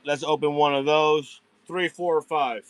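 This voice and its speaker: A man hosts a late-night live sale from a warehouse, talking casually to his viewers and building up hype for each pull. His voice sits a bit high for a man. The sound is dry, with almost no room echo. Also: fairly even intonation, measured pace. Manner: chatty, hypes each pull, speaks straight to viewers. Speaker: host of a live online diecast car sale. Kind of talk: casual live-stream sales chat.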